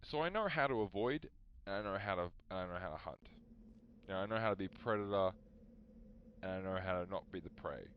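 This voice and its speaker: Brief: a young, very low-voiced streamer, chatty and animated, faint hiss behind. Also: male voice, a little fast, muffled recording. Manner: rambling, animated, talks to chat. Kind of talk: casual storytelling on a live stream.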